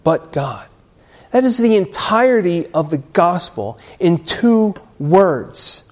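A pastor delivering a sermon in a notably high voice. He speaks slowly and deliberately, leaning on key phrases and letting them fall to a hush. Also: very animated. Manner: slow, emphatic preaching with dramatic drops in volume.

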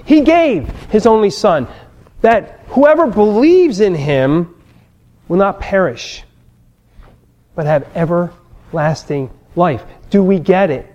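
High-voiced male preacher. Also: animated, takes it slowly, long pauses, darkish tone, lo-fi sound. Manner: storytelling, emphatic, repeats key phrases. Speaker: pastor. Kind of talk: sermon.

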